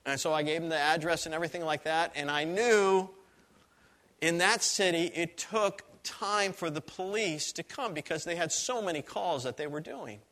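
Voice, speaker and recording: A male pastor delivers a sermon as a story, earnest and animated, often circling back over his own phrases. His voice is bright and sits a little high for a man. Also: moderate pace.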